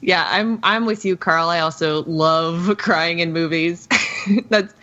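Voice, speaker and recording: A woman's voice: fairly low pitch, slow pace, lo-fi sound. A woman on a podcast as a guest, talking about a film in a giggly, heartfelt way with many restarts. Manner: warm-hearted, giggly, with frequent restarts and fillers. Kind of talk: casual film discussion.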